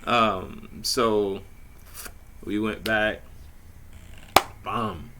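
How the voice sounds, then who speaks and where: A man with a low, bright voice drawls through a casual story at an unhurried pace. He sounds relaxed and slangy, swearing freely and padding his lines with fillers. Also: slight background noise. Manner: laid-back, slangy and profane, many fillers. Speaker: vlogger telling a dating story.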